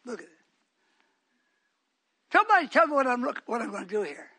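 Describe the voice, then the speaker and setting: High bright-voiced preacher man, scolding the crowd, swings from yelling to hushed. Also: very animated, a little fast. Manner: scolding, shouts then drops to hushed tones. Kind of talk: fiery sermon.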